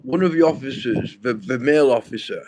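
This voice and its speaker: A man's voice: mid-range voice, a little fast, a little mellow, slight background noise, poor audio. A young man, rambling and swearing as he talks straight to his livestream viewers. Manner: rambling, swears a lot, addresses viewers directly.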